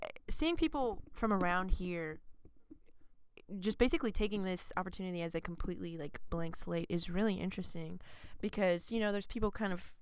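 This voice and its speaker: A woman's voice: on the low side, brisk, smooth, dry recording. A young woman from Arkansas hosting a casual student podcast, rambling with fillers. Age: young adult. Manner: relaxed, rambling with many fillers. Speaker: podcast host. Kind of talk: casual chat.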